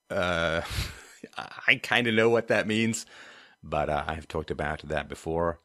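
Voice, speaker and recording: A man hosts a livestream in a low, slightly bright voice, with fairly even intonation and a measured pace. He answers chat questions and makes a donation appeal, digressing wryly and laughing often, in studio-quality sound with no echo.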